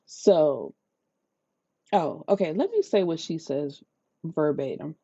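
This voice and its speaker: A woman reviewing a book in a casual rant, retelling the plot in an incredulous, profane, lively way. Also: low-pitched, slow, pauses often, slightly rough, dry recording. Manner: incredulous, profane, animated storytelling. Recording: slightly dull lo-fi sound, dry.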